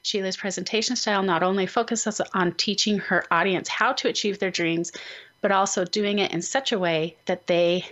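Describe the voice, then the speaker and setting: A woman's voice: mid-range voice, normal speed, fairly bright tone. A woman hosting a talk radio interview, introducing her guest and asking questions. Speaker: radio show host. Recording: slightly dull radio audio.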